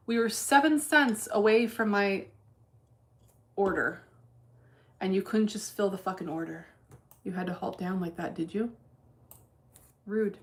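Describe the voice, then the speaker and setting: Woman streamer reading chat, blunt and deadpan, swears a lot, average pitch. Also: a little slow, long pauses. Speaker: livestream host reading chat while day trading. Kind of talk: casual livestream chat.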